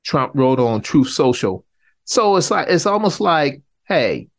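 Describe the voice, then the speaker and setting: A middle-aged man from South Carolina co-hosts a casual political chat. His pitch sits a touch high and swings widely as he teases and plays to the audience like a showman. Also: a little slow. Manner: animated, teasing, showman-like. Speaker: podcast co-host.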